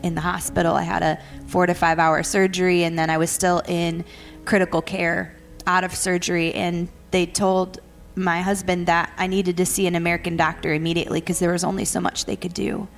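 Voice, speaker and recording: A woman earnestly retelling a personal ordeal as a guest, speaking with faith and frequent pauses. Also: fairly low pitch, flat delivery, gravelly, faint music behind. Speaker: guest storyteller. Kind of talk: personal testimony. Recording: noisy recording.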